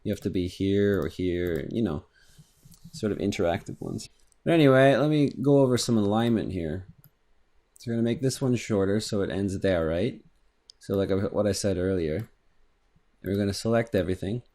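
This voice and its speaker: A man giving a casual, rambling software tutorial, thinking aloud as he clicks through and humming rhythms. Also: on the low side, moderate pace. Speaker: music production instructor. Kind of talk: screen-recorded software tutorial. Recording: faint electronic music underneath.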